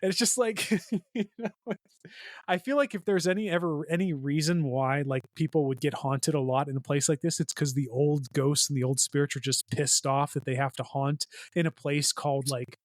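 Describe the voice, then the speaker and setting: A man's voice: a little high, fairly even intonation, fairly quick, few pauses, dry recording, studio quality. A man co-hosting a podcast in casual chat, rambling with lots of fillers. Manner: rambling, heavy "like" and "you know" fillers. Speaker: podcast co-host.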